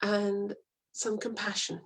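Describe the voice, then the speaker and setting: A woman's voice: medium pitch, completely flat delivery, slow, slightly rough, low-quality recording. A woman, an HR coach, giving firm, emphatic advice in an interview and acting out sample dialogue. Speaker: HR coach and guest. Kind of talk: interview over a call.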